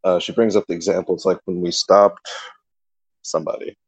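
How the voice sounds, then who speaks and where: A man co-hosting a casual gaming podcast, husky and hesitant, filling his talk with agreeing yeahs. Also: low-pitched, little pitch movement, fairly quick, dry recording, dull audio. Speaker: podcast co-host.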